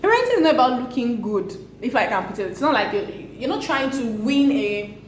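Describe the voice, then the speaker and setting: Young woman vlogging about parenting, kinda preachy, higher voice, echoey room w/ faint hiss. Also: very animated, a little fast. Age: young adult. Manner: earnest, emphatic, preachy. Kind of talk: casual talk to camera.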